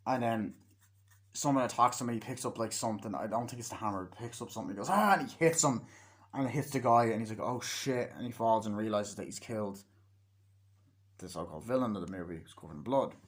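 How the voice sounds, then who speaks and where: A man's voice: on the low side, fast. A man giving a casual, rambling film review, swearing freely and acting out scenes as he retells them. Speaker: movie reviewer.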